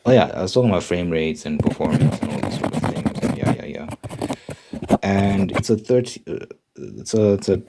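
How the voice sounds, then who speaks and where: A man with a very low voice, doing whispered role-play. He rambles and jokes, slipping between breathy whispers and soft talk. A loud steady noise sits under his voice. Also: normal speed. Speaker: ASMR creator.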